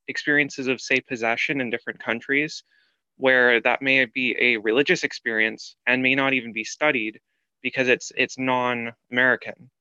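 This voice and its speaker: A man's voice: medium pitch, sharp tone, smooth, no room sound. A man from Canada speaking as a panelist, anxious and hesitant, rambling a little as he talks. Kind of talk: panel discussion. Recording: dull lo-fi sound.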